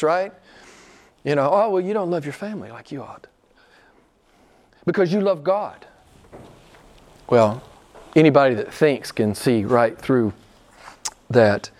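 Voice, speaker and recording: A man preaching a sermon as pastor, emphatic, firing off rhetorical questions and swinging from loud declarations to hushed asides. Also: medium pitch.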